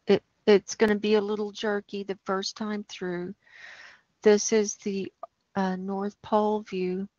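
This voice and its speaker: A woman hosts a livestream, talking slowly and with rising alarm as she points out data on a map. The sound is dry and a little dull, with no room around it. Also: medium pitch, darkish tone, no echo. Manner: alarmed, ranting, talks over a map. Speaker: livestream host. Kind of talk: livestream commentary on data maps.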